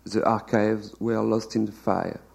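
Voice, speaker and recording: A man's voice: on the low side, level tone, a little slow, vocal fry, darkish tone, exaggerated voice. A man reading Ripper, a plaintive detective. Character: gloomy male detective Ripper. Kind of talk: literary reading of a novel translation.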